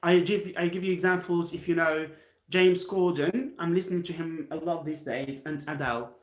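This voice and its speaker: A man's voice: a little high, steady tone, moderate pace, reverberant. An Algerian man with an Algerian accent, a non-native English speaker, giving a live-stream English lesson from home in an encouraging, repetitive way while answering chat. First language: Algerian Arabic. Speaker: English teacher. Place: his home.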